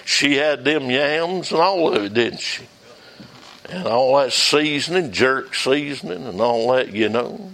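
A man's voice: medium pitch, expressive, a little slow, a bit bright. A man, a revival preacher telling a folksy story from the pulpit and calling on listeners by name.

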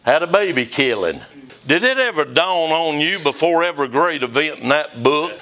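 A man's voice: a little high, big pitch swings, normal speed, bright, forceful tone. An older man preaching a fervent, folksy sermon in a church, calling out members of the congregation by name.

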